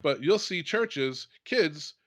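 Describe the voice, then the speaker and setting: A man co-hosting a casual church talk show, retelling scenes at length in a relaxed way. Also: on the high side, slow pace. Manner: relaxed storyteller, recounts scenes with quoted voices. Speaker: church podcast co-host. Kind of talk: casual faith discussion.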